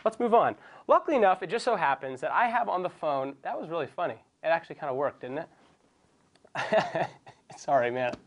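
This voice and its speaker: A man's voice: fairly high pitch, animated, brisk. Jokey rambling male web show host. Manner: jokey, self-deprecating, rambling. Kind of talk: comedic web show monologue.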